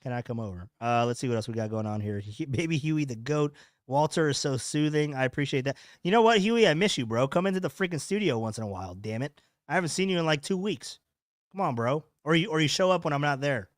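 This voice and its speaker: A man's voice: medium pitch, fast talker, no room sound, clean studio sound. A man hosting a live podcast, rambling casually and repeating his words as he chats with viewers. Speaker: podcast host. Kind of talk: casual live-stream chat.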